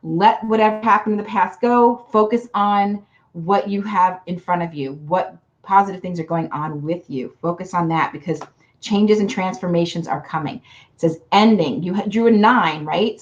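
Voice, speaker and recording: Woman card reader on a livestream, low-pitched, chatty, calls everyone hun, dull lo-fi sound. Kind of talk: casual livestream card reading.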